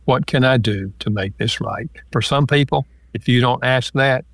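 A man's voice: medium pitch, normal speed, a bit bright, no room sound. Older man, author guest, interview, explanatory, quotes examples, dry sound. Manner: explains in numbered lists with acted-out example quotes. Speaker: author and marriage counselor guest. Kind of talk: relaxed interview answers.

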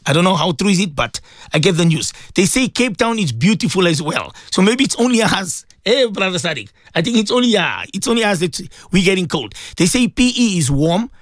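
A middle-aged man hosts a casual morning radio chat. His pitch sits a little high and swings a lot, and he talks loosely, with fillers and restarts. The sound is close and dry, with no room around it. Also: big pitch swings, a little fast, dry recording. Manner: warm chatty, reads listener messages, many fillers and repeats. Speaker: radio presenter.

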